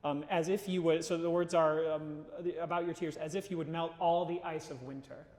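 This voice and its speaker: A man coaching a singer in a live masterclass, casual and animated, breaking into sung phrases to show what he means. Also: fairly high pitch, fairly quick. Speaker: voice teacher leading a masterclass. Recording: roomy hall reverb.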